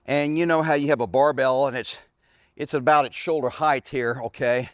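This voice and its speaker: A man's voice: medium pitch, steady tone, normal speed, no room sound, studio quality. A man in his forties, a fitness coach, talking casually while demonstrating heavy carrying exercises outdoors, out of breath, grunting and sighing with effort between sentences. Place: outdoors in a backyard.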